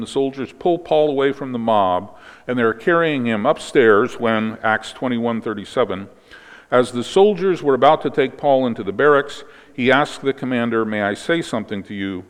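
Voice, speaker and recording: A man preaching, calmly explaining scripture and closing in prayer. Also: mid-range voice, big-room sound. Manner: explanatory teaching, ends in prayer. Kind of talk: sermon.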